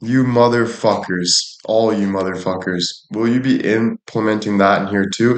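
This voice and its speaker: A livestreamer with a lowish voice chats casually at a normal pace with few pauses and fairly even intonation, his sound echoing around the room. He jokes, swears freely and names viewers to thank them.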